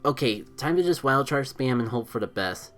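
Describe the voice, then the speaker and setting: A man talks through his game live in an even, middle-pitched voice. He thinks aloud, second-guesses his choices and is openly hard on himself. Faint game music plays under him. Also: normal speed. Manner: excitable, thinks aloud, self-critical. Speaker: streamer playing a mobile game. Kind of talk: live gameplay commentary.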